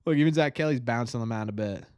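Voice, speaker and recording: Talking very fast in a smooth, medium-pitched voice, a fan-show host reacts live to the game he's watching. He's jittery and excitable, repeating his cheers, and there's no echo.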